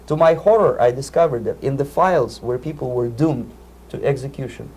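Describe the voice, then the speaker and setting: Husky, mellow man. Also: mid-range voice, a little fast. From Soviet Union. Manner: emphatic, repeats words while searching for phrasing. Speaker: interview guest, former propaganda agent. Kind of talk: earnest interview testimony.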